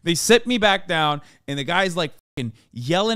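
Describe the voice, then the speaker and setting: Smooth-voiced man telling a story animatedly. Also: a little high, moderate pace, hardly any pauses, dry recording, studio quality. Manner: animated, swears, acts out quoted officials. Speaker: podcast guest telling a story. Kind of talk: casual storytelling.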